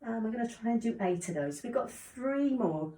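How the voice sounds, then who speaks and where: Woman yoga instructor, calm cues, raised voice, heard from a distance in a roomy space. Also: fairly high pitch, moderate pace. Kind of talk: guided exercise instruction. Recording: echoey room, distant mic.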